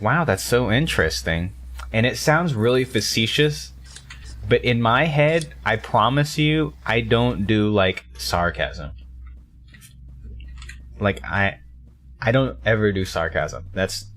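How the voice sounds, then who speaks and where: A man streaming a game, reading its narration and dialogue aloud and chatting between lines. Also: a bit bright. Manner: reads narration and dialogue, jumps up in pitch for characters.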